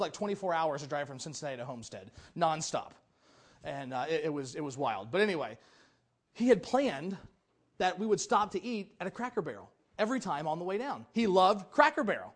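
Man, pastor, sermon, high voice, lively storytelling, quiet then loud. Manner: animated storytelling preacher, swings between quiet and loud.

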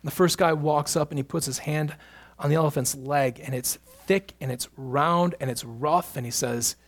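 A man preaching a sermon as pastor, moving between hushed, slow stretches and loud, emphatic bursts. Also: fairly high pitch, steady tone.

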